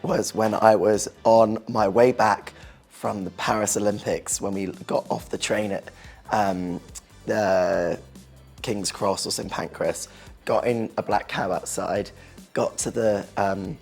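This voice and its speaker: A man's voice: on the low side, creaky, a little mellow. An English man in his thirties, talking casually in a chatty, rambling way with light laughs. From England. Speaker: interviewee. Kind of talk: casual chat.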